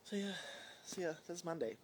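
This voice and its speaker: Sitting high in pitch with lively intonation, this young drag performer from New Zealand, whose accent carries a slight British twang, responds to live comments at a moderate pace. It's a casual livestream Q&A, playful, chatty and a bit scattered, with background noise present.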